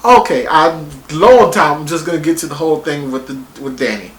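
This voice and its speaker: A man giving a casual spoken TV review, excitable and profane, rambling from point to point. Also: fairly high pitch, fairly quick, reverberant, poor audio. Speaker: TV show reviewer.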